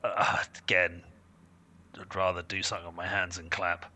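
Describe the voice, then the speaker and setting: A man appearing as a podcast guest in casual chat, making dry, deadpan quips. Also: low voice, normal speed, very noisy.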